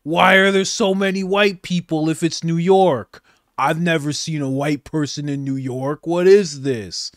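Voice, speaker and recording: A man's voice: on the high side, steady tone, measured pace, dry recording, clean studio sound. A man putting on the voice of a shocked, indignant woman TV commentator, asking exasperated, incredulous questions.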